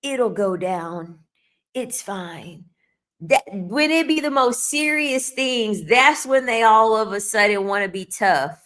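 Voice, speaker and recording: A young woman telling a casual storytime rant, animated and exasperated, swearing freely and mocking others in quoted voices. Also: medium pitch, slow. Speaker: vlogger.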